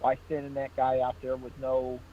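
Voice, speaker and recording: A man's voice: medium pitch, completely flat delivery, moderate pace, muffled recording, slight background noise. A male state trooper as a guest, chatting casually and telling anecdotes in which he acts out the exchanges. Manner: anecdotal, repeats "I said" in acted-out exchanges. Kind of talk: casual call-in storytelling.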